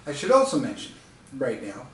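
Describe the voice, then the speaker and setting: A man's voice: medium pitch, huge pitch swings, normal speed. A man from the United States telling a funny travel story in a casual, chatty way, laughing often and adding asides. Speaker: storyteller and author. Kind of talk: casual spoken anecdote. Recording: roomy sound from a distance.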